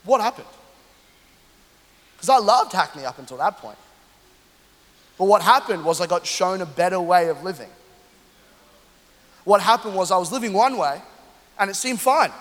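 A high-voiced man in his thirties, from London, preaches as a pastor and tells a lively, funny story to his congregation. His voice rings through a church hall with a long echo. He often turns to the room and speaks right to them. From London, England. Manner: animated, humorous, addresses the congregation directly. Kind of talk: storytelling sermon.

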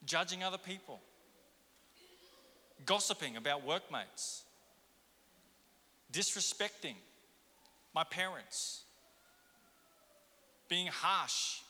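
Aussie pastor guy preaching hard, lots of questions to the crowd, high voice, long echo off the church walls. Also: lively intonation, takes it slowly, long pauses, sharp tone. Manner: impassioned, rhetorical questions to the congregation. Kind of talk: sermon.

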